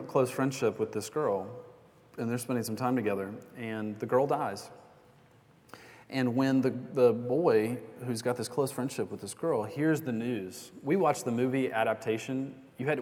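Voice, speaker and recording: A man's voice: medium pitch, darkish tone. A young man preaching a sermon as pastor, telling a story in a conversational way with small jokes and asides. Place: church sanctuary. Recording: long hall reverb.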